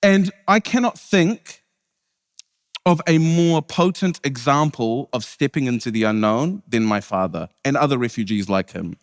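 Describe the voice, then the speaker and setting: Lively New man telling jokes. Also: medium pitch, a little slow, studio quality. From New Zealand. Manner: joking, self-interrupting storytelling. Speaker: keynote speaker, comedian. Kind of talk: comic keynote speech. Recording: long hall reverb.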